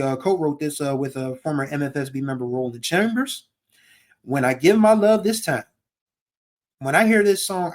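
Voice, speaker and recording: A man hosts a casual music podcast in a slightly high voice. He talks in a heartfelt, rambling way, circling back on his thoughts and now and then singing a line of a song. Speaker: podcast host.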